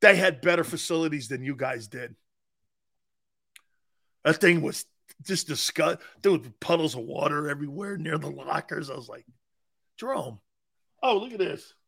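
Sports talk host, man in his sixties, rowdy and salty, slightly high voice. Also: normal speed, creaky, pauses often. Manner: loud, profane, laughing storyteller. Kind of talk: casual storytelling on a sports talk show.

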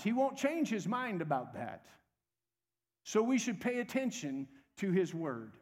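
A man preaching a sermon as pastor, urging the congregation to repeat phrases after him. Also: high-pitched. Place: church sanctuary. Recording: long reverb of a church hall.

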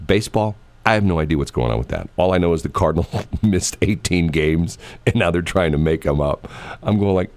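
A man's voice: sits low, expressive, fairly quick, darkish tone, dry recording. A middle-aged man hosting a morning radio show, rambling in casual chat and laughing often, recorded in a radio studio.

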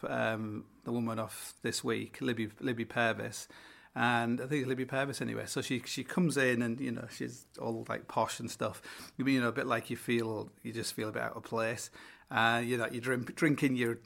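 A man's voice: mid-range voice, gravelly, fairly bright tone. A middle-aged man with a northern English accent, hosting a podcast and telling stories in a rambling way, full of fillers and swearing. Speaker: podcast host. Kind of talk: casual storytelling.

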